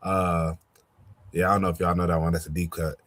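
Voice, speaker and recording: A young man hosting a podcast in casual chat, laid-back and drawn-out with many fillers. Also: deep voice, level tone, a bit bright.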